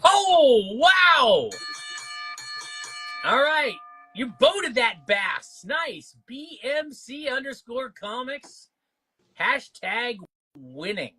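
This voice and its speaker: A man hosting a live comic book sale stream, upbeat and full of quick banter. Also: extremely high pitch, big pitch swings, background noise. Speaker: livestream auction host. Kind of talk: live sales stream chatter.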